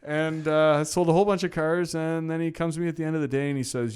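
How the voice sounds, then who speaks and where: Animated middle-aged man telling a story. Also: fairly high pitch, fast talker, few pauses, clean tone. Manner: animated storyteller, acts out quoted exchanges, frequent fillers. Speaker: podcast guest. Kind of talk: casual storytelling interview.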